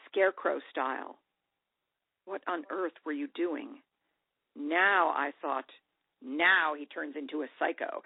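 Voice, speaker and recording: A woman author reading her own personal essay aloud in a measured, reflective way. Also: sits low, creaky, slightly rough, dry recording. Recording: dry, tinny radio broadcast audio.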